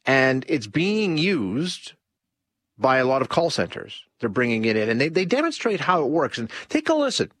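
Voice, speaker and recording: A man's voice: medium pitch, sing-song, normal speed, a bit bright, slightly rough, no room sound. Rambling male talk radio host. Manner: rambling, frequent restarts and fillers. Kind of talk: casual talk radio commentary.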